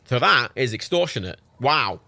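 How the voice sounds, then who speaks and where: A man's voice: mid-range voice, big pitch swings, moderate pace, gravelly, pushed and bright, no echo. A British man chatting on a live game stream, swearing and laughing in disbelief. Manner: sweary, exasperated, laughs often.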